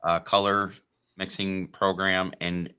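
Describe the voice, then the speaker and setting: Bright deep-voiced man chatting. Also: takes it slowly. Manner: rambling, animated, lots of fillers. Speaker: podcast host. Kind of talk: casual podcast chat.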